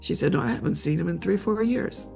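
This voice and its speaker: An older woman, a memoir author and interview guest, telling a personal story in a halting way, repeating words as she gets tearful. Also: fairly low pitch, creaky, a little mellow, faint music behind.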